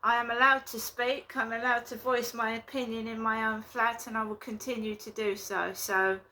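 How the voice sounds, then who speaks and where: A woman talking casually to her viewers in a rambling, indignant way, recording a vlog in her flat. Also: on the high side, normal speed, a little hiss or hum. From England. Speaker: vlogger. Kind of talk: casual vlog talk to camera.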